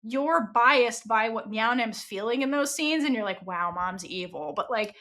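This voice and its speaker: A young woman co-hosting a podcast in casual chat, animated and full of fillers, acting out quoted lines as she talks. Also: fairly high pitch, moderate pace. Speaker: podcast co-host.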